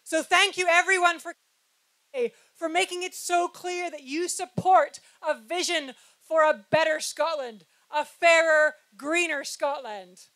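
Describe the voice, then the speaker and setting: A woman's voice: very high voice, steady tone, unhurried, a bit bright, no room sound. A woman politician closing a rousing rally speech with repeated rallying cries.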